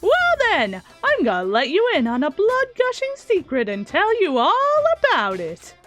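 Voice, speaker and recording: A woman's voice: very high voice, wildly swooping pitch, unhurried, fairly bright tone, faint music behind, full character voice. A woman voicing a gleeful, crude male robot bear mastermind who cackles and taunts in a video game. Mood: mocking.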